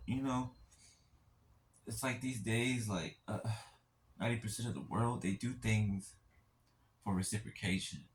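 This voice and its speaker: A soft-spoken man with a somewhat low voice talks straight to his listeners in a heartfelt spiritual encouragement talk. He speaks in halting, gentle phrases and keeps checking in with a quiet "right?" as he reassures them. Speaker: spiritual speaker addressing viewers.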